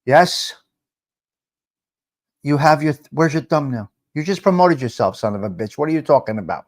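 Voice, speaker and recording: Middle-aged guy running a live chat, teasing viewers, lots of repeats, high lively voice. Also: moderate pace. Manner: teasing, excitable, repeats himself, drops Italian phrases. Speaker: livestream host. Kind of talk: casual live chat reading viewer comments.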